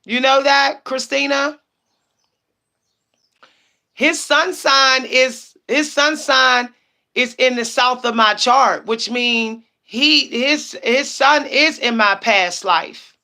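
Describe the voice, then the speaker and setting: A woman's voice: high-pitched, takes it slowly, pushed and bright. A young woman chatting casually on a livestream as a psychic, laughing often and repeating herself for emphasis.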